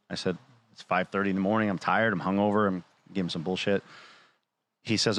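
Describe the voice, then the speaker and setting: A show guest or panelist with a low voice talks fast while recounting a long personal story in casual fashion. He animates it by voicing what others said to him, quoting them in dialogue.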